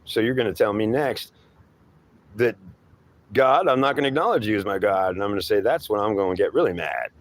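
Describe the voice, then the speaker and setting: A man's voice: lowish voice, brisk, lightly acted. A man voicing a menacing male devil who claims to be god, taunting and threatening, calling the listener boy, in an improvised two-voice monologue.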